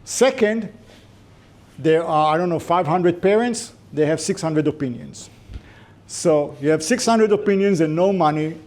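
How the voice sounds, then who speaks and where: A man's voice: fairly high pitch, darkish tone. A man giving a conversational business lecture to a class, with informal joking asides.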